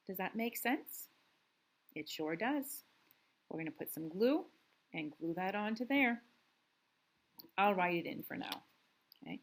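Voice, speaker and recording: Woman, teacher, young class, slow pace, drawn-out words, encouraging. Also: medium pitch, lively intonation. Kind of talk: recorded remote lesson for young students.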